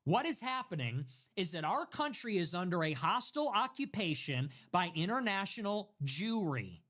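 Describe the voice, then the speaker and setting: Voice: medium pitch, big pitch swings, normal speed, fairly bright tone. A commentator ranting into the mic, angry and profane, swinging between scorn and sarcasm. The talk rambles with restarts and mocking asides. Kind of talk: ranting monologue.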